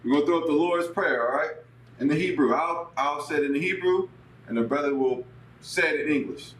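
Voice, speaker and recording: A man's voice: a little high, a little fast, fairly bright tone. Man leading chanted prayer in a roomy space. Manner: chanting prayer lines for a partner to repeat, instructive. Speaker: prayer leader. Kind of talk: call-and-response prayer. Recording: roomy echo, distant mic, faint noise.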